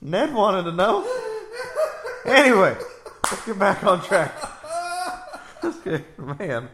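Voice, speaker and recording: A man co-hosting a podcast, chatting about a movie in a teasing, animated way. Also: high voice, slow pace, a crowd in the background. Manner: animated, teasing, laughs often. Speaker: podcast co-host. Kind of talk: casual movie review chat.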